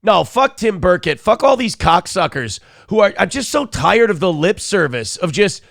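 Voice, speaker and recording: A man's voice: high-pitched, sing-song, normal speed, vocal fry, hardly any pauses, a bit bright, no room sound, studio quality. A sick, cranky man hosting a live morning show, crude and profane, mocking others with put-on voices. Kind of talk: profane live-stream commentary.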